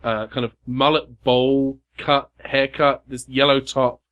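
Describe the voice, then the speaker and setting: A man running a tabletop role-playing game as game master, describing scenes with frequent fillers and pauses. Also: mid-range voice, little pitch movement, a bit bright, muffled recording. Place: game cafe.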